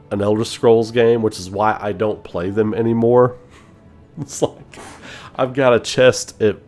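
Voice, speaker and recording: Animated, profane gaming host, lowish voice. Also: male voice. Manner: animated, profane, laughing often. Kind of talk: casual live-stream chat.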